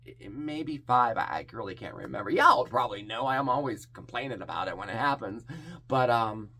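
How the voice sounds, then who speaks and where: A man hosting a personal vlog, talking candidly and haltingly with a hoarse, scratchy voice. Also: mid-range voice, animated, bright, forceful tone. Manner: candid and halting, with frequent restarts. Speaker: vlog host. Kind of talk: casual personal vlog talk.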